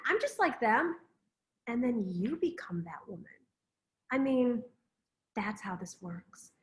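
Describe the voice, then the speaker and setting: A woman business coach teaching on a live video call, telling stories with lots of "like," enthusiastic and persuasive. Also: sits high. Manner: enthusiastic, storytelling with many "like"s.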